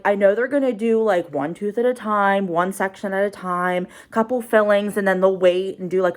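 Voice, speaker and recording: A woman in her twenties vlogging in a casual confessional way, rambling anxiously with many fillers. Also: fairly high pitch. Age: 20s.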